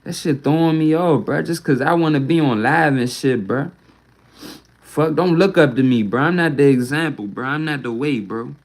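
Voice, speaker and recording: A man's voice: fairly high pitch, moderate pace, low-quality recording. Man ranting live from home on his phone, rambling and cussing, closes nearly every line with "bruh.". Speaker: livestreamer. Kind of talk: casual livestream venting.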